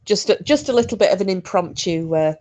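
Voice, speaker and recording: A woman's voice: mid-range voice, animated, fairly quick, darkish tone. A middle-aged woman hosting a casual livestream from home, chatting and laughing through bawdy banter with her viewers. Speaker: livestream host. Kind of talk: casual chat with live chat viewers.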